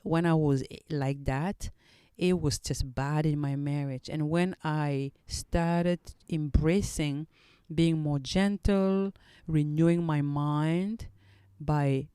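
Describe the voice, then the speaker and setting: A woman hosting her own podcast talks slowly and thoughtfully, often restarting her sentences in an earnest, reflective way. Her voice is mellow and smooth, recorded dry and close with no room sound. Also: sits low, steady tone, no echo. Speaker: podcast host. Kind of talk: solo podcast talk.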